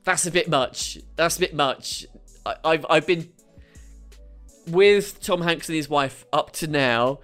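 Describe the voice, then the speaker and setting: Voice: mid-range voice, takes it slowly, a bit bright, soft background music. A host giving comedic news commentary, sarcastic and mocking, reacting to clips.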